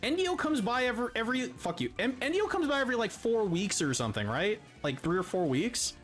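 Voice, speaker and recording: A man's voice: sits high, very animated, fast, a bit bright, faint music behind. A man giving sarcastic, mocking commentary on a stream, swearing often and filling his talk with "like.". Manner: sarcastic, swears a lot, many fillers.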